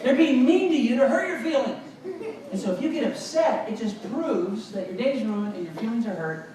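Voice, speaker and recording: A man gives an animated, lively school assembly talk, getting the children to call words back to him. He is heard from far off in a very echoey hall. Steady background noise runs under his voice. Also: very high voice, normal speed. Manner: energetic, call-and-response with children. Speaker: motivational speaker. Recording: echoey hall recorded from afar, noisy. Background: children in audience.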